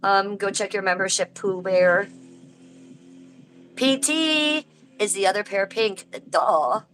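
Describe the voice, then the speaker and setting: A woman's voice: mid-range voice, takes it slowly, fairly bright tone, faint music behind, poor audio. A woman chatting casually to viewers on a livestream from home over a phone, rambling through a complaint and greeting people by name. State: aching tooth. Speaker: livestream host.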